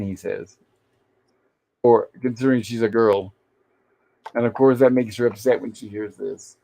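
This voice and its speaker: A man's voice: on the low side, steady tone, unhurried, creaky, pauses often, warm tone, poor audio. Man casually recapping old sitcom scenes. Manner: retells scenes, quoting characters in his own voice. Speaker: host. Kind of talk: casual episode recap, reading scenes aloud.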